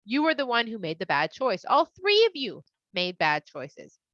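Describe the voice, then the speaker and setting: A woman's voice: fairly high pitch, normal speed, no echo, lo-fi sound. A woman voicing God as a patient, lecturing figure in a kids' Bible story. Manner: calm, explaining, casual slang.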